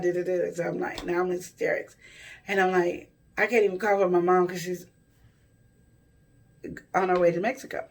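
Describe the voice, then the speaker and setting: A woman's voice: fairly low pitch, moderate pace, long pauses, darkish tone, distant mic. A woman vlogger telling a personal story to camera in a rambling, self-correcting way.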